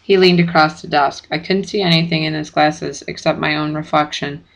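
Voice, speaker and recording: A narrator reading a first-person chapter book aloud in steady, plain audiobook narration. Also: mid-range voice, moderate pace, vocal fry, low-quality recording.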